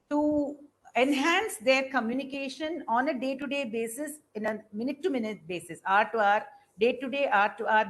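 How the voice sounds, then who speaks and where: A middle-aged woman with an Indian English accent giving an unscripted lecture, halting often with fillers and restarts. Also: high-pitched, poor audio. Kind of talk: academic lecture. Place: lecture hall.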